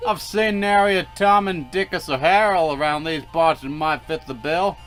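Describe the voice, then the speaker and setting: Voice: mid-range voice, moderate pace, a bit bright, faint music behind, lightly acted. A player voicing a flamboyant male alien adventurer with grand, old-fashioned phrasing and accents that keep changing. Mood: grandiose. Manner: theatrical, archaic phrasing, shifting accents.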